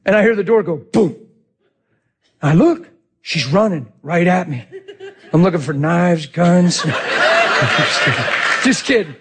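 A man's voice: on the high side, normal speed, slightly rough. A man preaching a sermon, telling a personal story with lots of energy and acting out what people said. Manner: animated, acts out quotes, laughs often.

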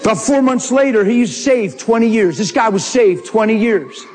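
A man telling a story in a sermon, animated and laughing often as he talks. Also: high voice, normal speed. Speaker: preacher. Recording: long hall reverb.

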